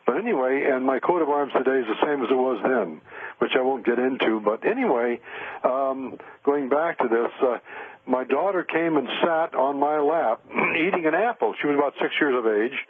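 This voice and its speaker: A man's voice: medium pitch, normal speed, no echo. An older man, a spiritual counselor, telling a long rambling story in a radio interview, with many fillers and restarts. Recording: tinny phone line.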